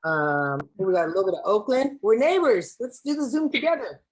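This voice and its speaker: A woman's voice: mid-range voice, lively intonation, a little fast, low-quality recording. A woman from Los Angeles facilitating an online workshop over a video call in a playful, slangy, chatty way. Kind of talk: lively online workshop hosting.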